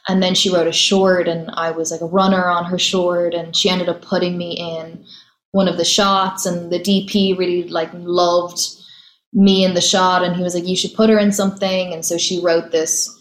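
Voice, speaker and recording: A woman, an actress being interviewed, chatting casually and telling stories quickly with easy laughs. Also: fairly low pitch, level tone, roomy sound, poor audio. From Ireland. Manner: chatty, laughs easily, fast storytelling.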